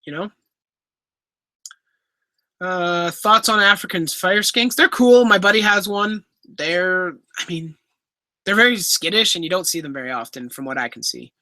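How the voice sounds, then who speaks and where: A man's voice: high voice, unhurried, pauses often, sharp tone, no room sound. A man, hosting a casual livestream Q&A, reading chat questions aloud in a chatty, apologetic way. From Canada. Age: 20s. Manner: chatty, apologetic, easily laughing. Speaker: livestream host.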